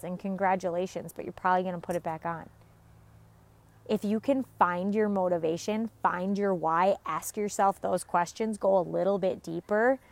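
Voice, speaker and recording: A woman in her thirties, a fitness coach and mother, giving an earnest, emphatic motivational talk to viewers, repeating phrases for effect. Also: mid-range voice.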